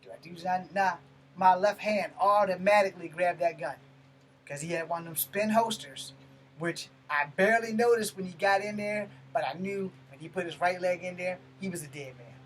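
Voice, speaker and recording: A man telling a personal story in a blunt, profane, animated way, breaking off and restarting mid-sentence. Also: high-pitched, moderate pace, rough recording. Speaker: martial arts channel host. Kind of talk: personal story told to camera.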